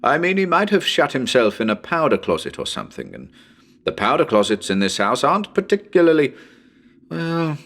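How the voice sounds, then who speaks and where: A man narrating a haunted house horror story as a dramatic performance, talking chattily to listeners with sudden shouted calls. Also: a little high, wildly swooping pitch, normal speed.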